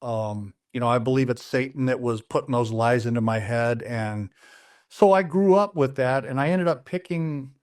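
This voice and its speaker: A man's voice: medium pitch, normal speed, a little mellow. A middle-aged man telling his personal story in an interview, earnest and plain-spoken, often restarting his sentences as he retells conversations. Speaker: interview guest.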